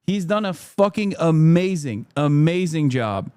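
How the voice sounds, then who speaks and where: Loud, profane man streaming reactions. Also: on the high side, unhurried, clear, resonant tone, dry recording. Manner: loud, profane, animated outbursts. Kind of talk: live reaction commentary.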